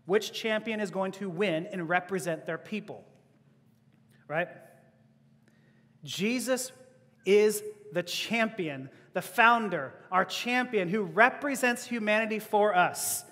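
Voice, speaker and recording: A man's voice: high voice, slow, sharp tone. A man preaching a sermon as pastor, conversational, with rhetorical questions and laughing asides. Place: church hall. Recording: long hall reverb.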